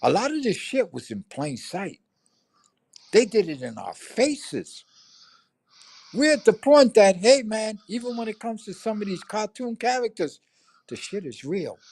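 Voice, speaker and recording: Brief: older New York guy, cusses freely, high pitch, dry close sound. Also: sing-song, measured pace, vocal fry, darkish tone, no echo. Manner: profane, storytelling, street talk. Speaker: livestream co-host. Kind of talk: casual chat.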